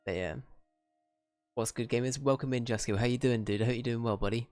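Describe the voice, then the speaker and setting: A man's voice: medium pitch, steady tone, fairly quick, darkish tone, no echo. A young Englishman chatting casually and rambling with self-mocking humour while streaming a game. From England.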